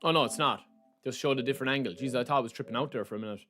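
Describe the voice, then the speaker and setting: A young Irish man streaming a game, chatty and excitable, talking to his chat as "lads" and saying he is sleep-deprived. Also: mid-range voice, very fast, faint music behind. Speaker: gaming streamer. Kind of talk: live stream chat while opening game packs.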